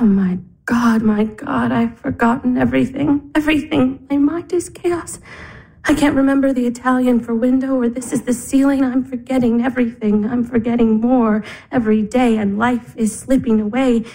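A woman's voice: on the high side, steady tone, moderate pace, mellow, rough recording. An actress in her twenties playing a weary, tearful young woman in despair, sighing and weeping. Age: 20s. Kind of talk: stage drama acting.

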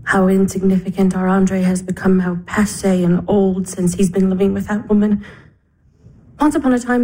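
A woman's voice: mid-range voice, mellow, husky, close to an everyday voice, rough recording. An actress in her twenties playing a weary, tearful young woman in despair, sighing and weeping. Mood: bitter. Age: 20s. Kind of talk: stage drama acting.

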